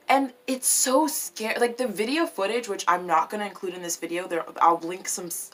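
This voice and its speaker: A woman vlogging in a casual, animated way, swearing freely and tossing in French words. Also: mid-range voice, fairly quick. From United States. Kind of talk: casual opinion vlog.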